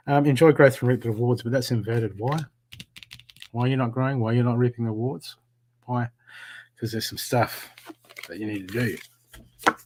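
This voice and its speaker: A man doing live-stream card readings, talking warmly and repetitively to viewers by name. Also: mid-range voice, a little hiss or hum. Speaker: psychic reader.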